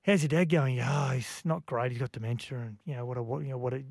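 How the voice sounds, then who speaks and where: A man's voice: mid-range voice, fairly even intonation, vocal fry, darkish tone, no room sound. Man speaking emotionally on radio. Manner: emotional, reflective, halting with many restarts. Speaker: radio co-host. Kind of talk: casual radio chat.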